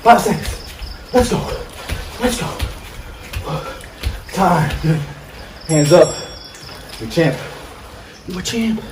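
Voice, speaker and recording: A man leads a boxing-style workout, firing off energetic, short commands. His voice sits a bit high and comes from a distance. The recording is roomy, with insects clearly chirping behind him. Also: extremely slow, long pauses. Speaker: fitness coach. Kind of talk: live workout coaching. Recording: far-off mic with echo and insect noise.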